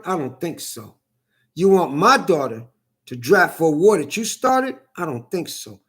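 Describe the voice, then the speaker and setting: Brief: high-pitched man, angry profane vlog rant, repetitive and heated. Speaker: vlogger. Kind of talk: angry ranting monologue.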